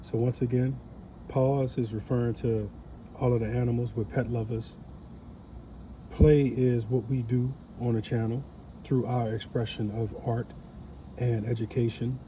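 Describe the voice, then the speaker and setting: New man, earnest vlog host, deep mellow tone, faint background hiss. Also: little pitch movement, unhurried. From New Orleans. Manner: earnest, motivational, repeats phrases. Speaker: family channel creator. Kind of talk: casual vlog talk to camera.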